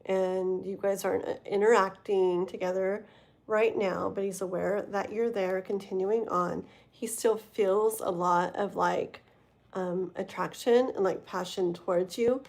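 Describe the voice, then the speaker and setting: A woman's voice: medium pitch, a little mellow. A woman reading tarot on a live stream, talking loosely and conversationally. She rambles through her thoughts, leans hard on fillers like "like" and "um," and addresses her viewers directly. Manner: rambling, filler-heavy, casual. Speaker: tarot reader.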